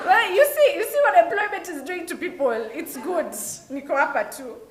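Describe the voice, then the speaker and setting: A young Kenyan woman giving a lively motivational talk at an open day, mixing in Swahili phrases. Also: very high voice, moderate pace, few pauses. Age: young adult. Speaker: alumna speaker. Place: event hall at an open day.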